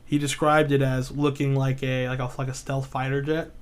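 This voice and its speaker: A man's voice: medium pitch, flat delivery, moderate pace, clear, resonant tone. A man co-hosting a podcast in casual chat, rambling through a retold story with lots of swearing and filler words. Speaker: podcast co-host.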